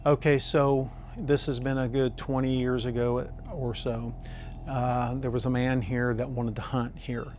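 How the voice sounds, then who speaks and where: A man's voice: mid-range voice, level tone, unhurried, darkish tone, soft background music. An older man, telling a long story in an interview, earnest and drawn out, with many fillers. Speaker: landowner interviewee.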